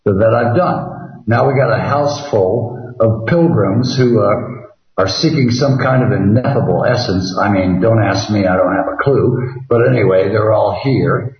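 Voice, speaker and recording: A man's voice: lowish voice, measured pace. A man joking wryly as a guest on a radio show over a video call. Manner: joking, wry. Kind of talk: casual interview. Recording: echoey, distant and dull call audio.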